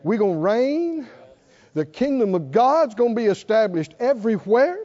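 A man preaching a sermon, swinging between loud, animated calls and hushed asides. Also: high voice, moderate pace, lo-fi sound. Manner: animated preaching, mimics whiny voices and swings from shouting to hushed.

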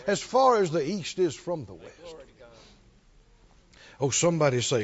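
A man preaching a sermon as pastor, animated and repetitive, calling on the congregation to answer back. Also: a little high, a little slow, long pauses. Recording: dull lo-fi recording.

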